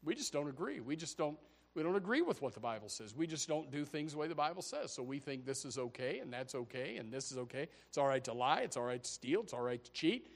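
A man preaching a sermon, impassioned and building to loud, emphatic peaks. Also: a little high, very animated, fast.

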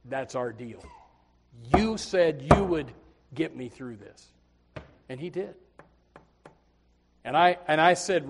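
A Baptist preacher, preaching a sermon and swinging between low asides and loud pleading, often repeating words as he starts a phrase. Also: measured pace, pauses often.

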